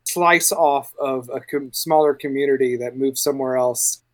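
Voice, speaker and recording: A man's voice: medium pitch, fairly even intonation, normal speed. A man running a tabletop game in casual podcast chat, rambling and restarting his sentences with enthusiasm. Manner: rambling, self-interrupting, enthusiastic. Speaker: game master.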